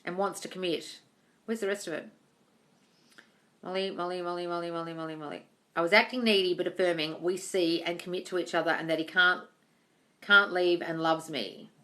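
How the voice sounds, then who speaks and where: Female live-stream host: bright, forceful tone, blunt and sweary, reads chat aloud, calls viewers darling. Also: lowish voice, steady tone, fairly quick, long pauses. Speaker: manifestation coach answering live chat questions.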